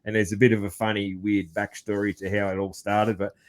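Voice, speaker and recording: An Australian man hosting a podcast, talking in a relaxed, rambling way with lots of fillers and calling his guest man. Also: on the low side, a little fast. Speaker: podcast host. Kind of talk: casual interview chat.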